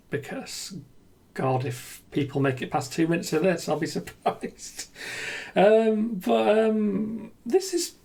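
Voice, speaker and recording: A man's voice: a little high, vocal fry, darkish tone. A man talking through an unscripted, reflective video monologue, hesitant and earnest, with lots of ums and restarts. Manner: earnest and self-deprecating. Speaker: gaming video creator.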